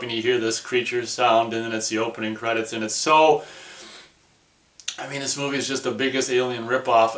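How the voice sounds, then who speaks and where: A man reviewing a movie in a casual, rambling way, excitable and full of "like" and "you know". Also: medium pitch, roomy sound.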